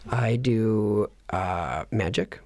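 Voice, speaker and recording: A man's voice: on the low side, lively intonation, drawn-out words, darkish tone, dry recording. A man hosting a podcast, chatting casually and playfully, fond of dad jokes. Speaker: podcast host. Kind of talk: casual chat.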